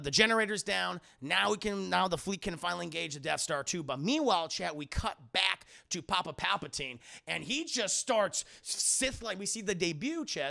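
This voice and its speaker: An excitable young man chatting to his stream audience about a film, swearing freely and tripping over his words. His voice is high and bright with heavy gravelly fry, and his pitch swings widely. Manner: excitable, profane, many restarts. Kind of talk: casual chat to live chat.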